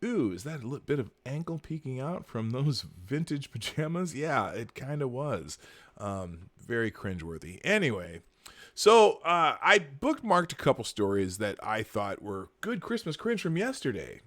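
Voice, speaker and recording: A man's voice: medium pitch, big pitch swings, moderate pace, fairly bright tone. A man hosting a live morning show, rambling and sarcastic as he comments, with plenty of fillers and frequent laughter. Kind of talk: casual live-stream commentary.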